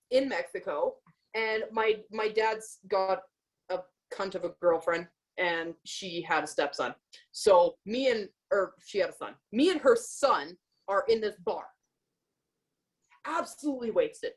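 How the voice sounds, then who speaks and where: Woman, high voice, casual storytelling, swears a lot, animated. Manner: profane, animated, quotes herself. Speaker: podcast co-host.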